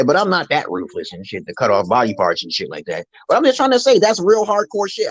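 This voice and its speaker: A man's voice: on the high side, no echo. Profane, rambling middle-aged man streaming. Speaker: livestream host. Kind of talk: rambling live-stream monologue. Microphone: phone.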